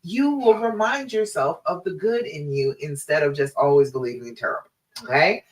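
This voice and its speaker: A woman's voice: deep voice, expressive, fairly quick, rough recording. A woman, giving a love coach's live-stream talk in an encouraging, emphatic way that speaks straight to the listener. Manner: encouraging, emphatic, direct address.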